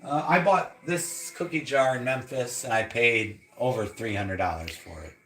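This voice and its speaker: A man's voice: mid-range voice, normal speed, a bit bright, echoey room, poor audio. A man co-hosting a casual livestream from his home, joking and showing off a collection. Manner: playful, jokey. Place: house at night.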